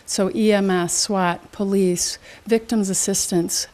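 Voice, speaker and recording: Appearing as a guest in an interview, this middle-aged motivational trainer lays out her approach slowly in a mid-range voice. She stays energetic, illustrating points with many examples and posing questions.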